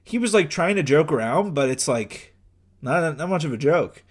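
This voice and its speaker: A man's voice: a little high, expressive, moderate pace. A young man co-hosting a podcast, telling a celebrity story in casual chat with lots of fillers and acted-out quotes. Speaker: podcast co-host.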